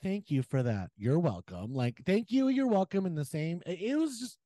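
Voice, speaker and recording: A man hosting a casual gossip podcast, animated and giggly, swearing freely. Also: high voice, moderate pace, soft background music. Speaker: podcast host.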